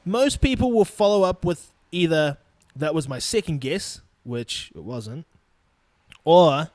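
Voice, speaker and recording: A man's voice: fairly high pitch, very animated, slow, dry recording. A young man from New Zealand with a New Zealand accent, hosting a podcast in a blunt, profane, casual rant. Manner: blunt and profane, laughing between points. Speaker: podcast host.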